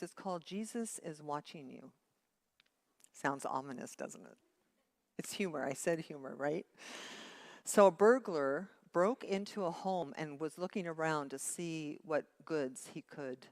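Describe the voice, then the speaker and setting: A woman assistant minister giving a casual, chatty sermon in a church, telling jokes and often breaking off and restarting her sentences. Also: fairly low pitch. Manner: chatty, self-interrupting, tells jokes. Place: church sanctuary.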